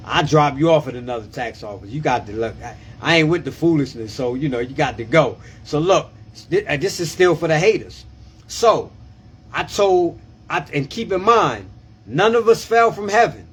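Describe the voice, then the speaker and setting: A man's voice: fairly high pitch, slight background noise. A man who works as a tax preparer, talking casually on a livestream, emphatic and repetitive, often asking whether listeners understand. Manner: emphatic, repeats himself and asks "you understand?". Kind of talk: casual live-stream talk.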